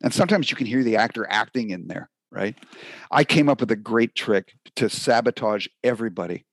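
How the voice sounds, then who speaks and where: A man co-hosting a casual podcast, telling stories with lots of laughter. His pitch jumps around as he gets into it. The voice is recorded close and dry. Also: brisk, no room sound. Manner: animated storyteller, laughs often. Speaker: podcast co-host, actor. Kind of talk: casual chat.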